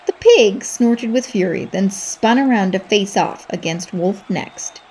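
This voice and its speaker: A woman reading a children's storybook aloud in a lively, expressive way. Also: mid-range voice, a little slow, slight background noise.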